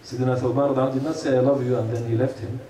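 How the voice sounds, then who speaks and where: A man's voice: mid-range voice, level tone, fast, warm tone. A man giving an earnest sermon, asking rhetorical questions and telling stories to a congregation. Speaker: preacher. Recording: echoey room, mic far off, faint hum.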